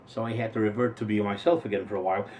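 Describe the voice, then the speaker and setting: Speaking rapid-fire in a low-leaning voice, this male voice actor handles interview questions casually and savors individual words expressively. There's faint noise, and he's somewhat far from the microphone.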